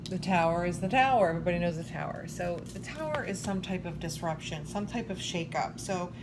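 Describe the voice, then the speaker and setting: A woman's voice: fairly low pitch, expressive, brisk. A woman giving a casual tarot reading, chatty and thinking aloud with many fillers, a little out of breath. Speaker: tarot reader. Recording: loud background noise.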